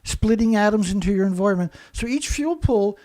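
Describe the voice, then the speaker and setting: A male show host speaks a little fast in an expressive, high-pitched, dark voice. He rants angrily, insulting freely and saying the same things repeatedly.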